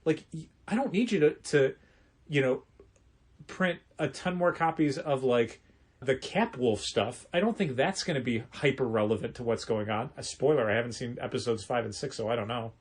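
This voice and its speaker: A man's voice: mid-range voice, normal speed, slightly rough. A man co-hosting a comic shop podcast, talking in a chatty, rambling way with lots of restarts. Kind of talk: casual chat.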